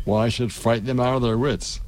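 A man's voice: medium pitch, fairly even intonation, fairly quick, darkish tone, close to an everyday voice. A man reading a polite, puzzled little girl. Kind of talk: storybook reading on radio.

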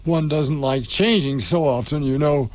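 A man's voice: a little high, measured pace, no room sound, pitched above the performer's own voice, natural voice. A man voicing a timid, polite young girl in a storybook reading, his voice raised and hesitant.

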